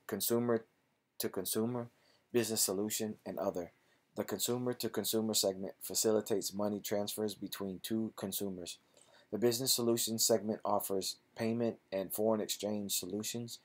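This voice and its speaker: Low-voiced man talking through stocks. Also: darkish tone. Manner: reads figures aloud in clipped phrases, then chats loosely. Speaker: investing channel host. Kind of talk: casual stock-analysis commentary.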